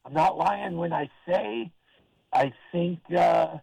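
An older man phones in to a talk show, talking slowly and haltingly through restarts and fillers. His voice is gravelly and sits a bit high for a man, and the line sounds dry and close. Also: darkish tone, dry recording, rough recording. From Oregon. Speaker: caller. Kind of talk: casual call-in chat.

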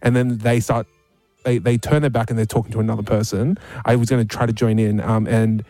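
A man on a radio show, recounting an event in a halting way, full of ums and restarts, often laughing at himself. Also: fairly low pitch, little pitch movement, dark tone, no echo, faint music behind. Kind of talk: casual chat.

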